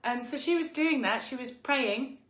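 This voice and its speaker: High bright-voiced woman chatting. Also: normal speed, reverberant. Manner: chatty and warm, slips into soft singing and quiet murmurs. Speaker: host of a home cooking show. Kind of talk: casual chat while cooking.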